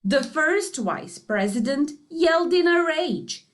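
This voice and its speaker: A woman teacher reading a story aloud to a class. She paces it slowly and clearly. Her pitch moves widely and expressively. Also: lively intonation. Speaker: English teacher. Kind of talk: storytelling for a lesson.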